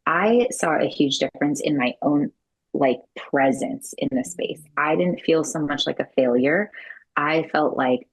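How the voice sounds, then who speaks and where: A woman guest on a podcast, a mother of six, talking about parenting over a remote call in a gentle, earnest and reflective way. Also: deep voice, unhurried, slightly rough, dry recording, low-quality recording. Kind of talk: casual podcast conversation.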